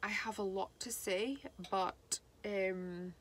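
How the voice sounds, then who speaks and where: A woman giving a slow, halting spiritual card reading, voicing feelings with emotion. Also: mid-range voice, steady tone. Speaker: tarot reader.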